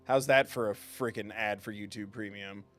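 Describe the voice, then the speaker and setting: A man's voice: lowish voice, steady tone, moderate pace, fairly bright tone, faint music behind. A man streaming a video game live, chatting with his viewers in a playful, self-mocking way and laughing often. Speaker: gaming streamer. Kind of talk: casual live-stream commentary.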